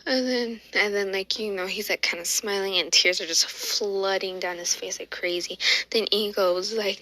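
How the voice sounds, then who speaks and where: A woman tells a fan story in a loose, rambling way, full of fillers and self-corrections. Her voice is bright and sharp, pitched in the ordinary middle range. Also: normal speed, no echo, poor audio. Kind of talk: casual fan-story narration.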